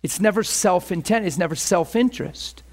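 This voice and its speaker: A middle-aged man preaching, telling a story and acting out both sides of phone calls. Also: normal speed. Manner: animated, acts out phone calls with rising pitch. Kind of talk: storytelling sermon.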